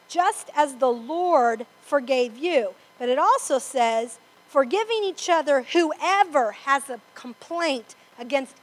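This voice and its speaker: A woman's voice: sits high, rough recording. A woman preaching to a congregation, emphatic and repetitive, often asking "Amen?". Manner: emphatic, repeats for stress, asks the congregation "Amen?". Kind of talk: sermon. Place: church before a congregation.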